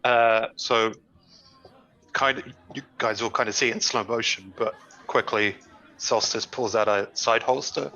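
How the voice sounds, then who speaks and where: A man's voice: lowish voice, steady tone, a little slow, sharp tone, highs cut off. A man playing a tabletop game, hesitantly describing his character's weapon. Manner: hesitant, describing things with fillers. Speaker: player.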